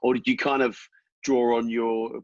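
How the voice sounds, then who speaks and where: A man hosting an interview, asking relaxed, hesitant questions. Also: medium pitch, normal speed, no room sound, dull audio. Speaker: interviewer host. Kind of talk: casual interview chat.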